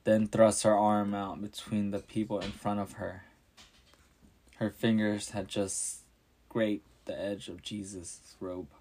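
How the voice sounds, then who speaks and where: A male storyteller reads a scripted story in a calm, measured way. His low voice moves slowly and stays level, with little rise or fall. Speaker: narrator.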